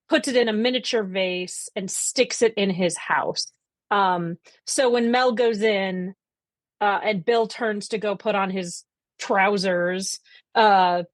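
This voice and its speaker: A woman's voice: mid-range voice, no room sound. A woman co-hosting a podcast, recapping a TV episode in casual chat, acting out the characters' lines and swearing for emphasis. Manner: animated storytelling, quotes characters, swears for emphasis. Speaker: podcast co-host.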